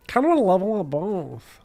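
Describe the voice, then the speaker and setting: Lively laughing gaming host, a man. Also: high voice. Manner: animated, laughing storyteller. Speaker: Let's Play host. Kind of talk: casual gaming commentary.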